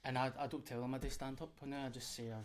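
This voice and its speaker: A Scottish man hosting a podcast who talks very fast. He keeps to casual chat and brief replies. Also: medium pitch, flat delivery. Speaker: podcast host and stand-up comedian.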